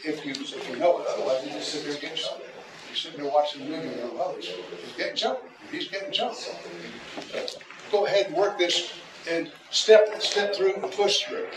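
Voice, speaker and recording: Man teaching self-defense, stammers and jokes, slightly high pitch; distant camera, heavy room noise. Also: brisk. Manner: joking, repeats words, talks through demonstrations. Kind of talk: teaching a martial arts seminar. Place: large echoey training hall. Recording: echoey hall from far off with loud room noise.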